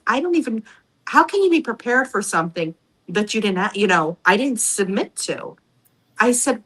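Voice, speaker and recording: A middle-aged woman, a podcast guest, telling personal stories in a casual, animated way and acting out the voices of other people. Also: a little high, a little fast, poor audio. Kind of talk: casual storytelling.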